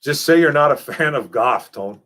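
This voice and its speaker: Animated man chatting about football. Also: a little high, normal speed. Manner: animated, repeats himself, calls people man and bro. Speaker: host reading live chat. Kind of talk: casual live-stream sports chat.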